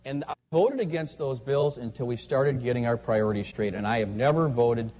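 A man's voice: mid-range voice, normal speed, hardly any pauses, darkish tone. A man rebutting a charge in a debate, firm and insistent. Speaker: politician in debate.

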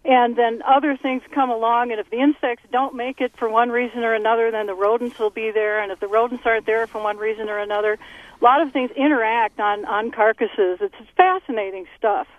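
A woman's voice: on the high side, fairly even intonation, fairly quick, dry recording. Enthusiastic woman caller on a phone line. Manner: enthusiastic, earnest. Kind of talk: radio call-in.

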